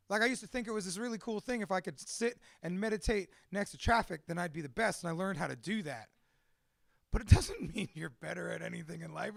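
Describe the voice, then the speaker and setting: Man with a high, gravelly voice and dry sound; blunt, profane, animated live talk to an audience. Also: no echo. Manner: swears constantly, blunt and animated. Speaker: speaker at a live storytelling event.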